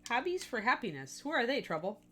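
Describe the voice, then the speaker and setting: A woman's voice: a little high, big pitch swings, fairly quick, pushed and bright, a little hiss or hum. A woman hosting a live miniature painting stream, talking casually and thinking aloud with plenty of fillers.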